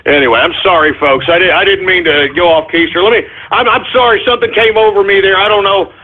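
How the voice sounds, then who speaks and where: Man, radio host, high voice, tinny phone-like sound, profane ranting. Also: steady tone, fast. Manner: hot-tempered, profane ranting with shouted outbursts. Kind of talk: live internet radio talk, reading shout-outs.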